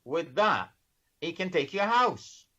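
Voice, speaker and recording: A man's voice: fairly high pitch, very animated, takes it slowly, bright, forceful tone. A man working in financial services, a podcast guest, explaining things earnestly and often restarting his sentences. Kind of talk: casual interview chat. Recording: dull lo-fi sound.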